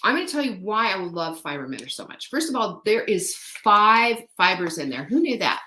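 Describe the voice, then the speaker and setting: A woman hosting a live-stream sales pitch, chatty and folksy, talking straight to her viewers. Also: moderate pace, echoey room, a little hiss or hum. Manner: animated, folksy and chatty, addresses viewers directly. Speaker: host selling products.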